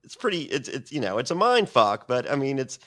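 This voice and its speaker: A man's voice: mid-range voice, a little fast. Profane, rambling man telling a story. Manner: profane, rambling, animated, acts out other people's lines. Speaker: guest telling stories. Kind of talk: casual podcast storytelling.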